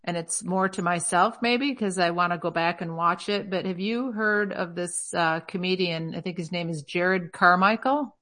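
A woman's voice: fairly low pitch, normal speed, hardly any pauses, fairly bright tone. A woman co-hosting a casual podcast, chatty and telling stories. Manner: chatty, storytelling, recommends things. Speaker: co-host.

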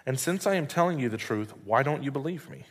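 A man reading the lines of Jesus as a calm, earnest male teacher in a measured way. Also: mid-range voice, breathy edge. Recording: long reverb hall.

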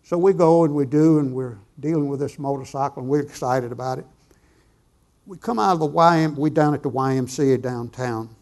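A man's voice: medium pitch, a little fast, darkish tone. Folksy man telling a sermon story. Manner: folksy, conversational storytelling with dialogue. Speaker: preacher telling a testimony.

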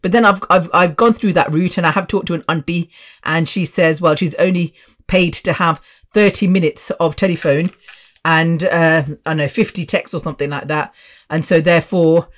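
A woman in her fifties hosting her own podcast, chatty and rambling with asides. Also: fairly low pitch. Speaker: podcast host. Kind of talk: casual solo podcast chat.

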